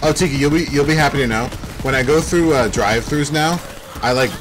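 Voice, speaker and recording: A man's voice: medium pitch, a little fast, background noise. A man chatting casually with friends while gaming, joking around. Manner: jokey, puts on silly voices for bits. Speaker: gaming co-host. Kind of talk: casual chat while playing a game. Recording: voice chat with game music behind.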